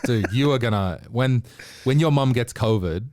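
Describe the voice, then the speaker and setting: A man's voice: medium pitch, moderate pace, darkish tone, no echo. Male podcast host, chatty and analytical, dead-dry recording. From Australia. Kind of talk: casual chat.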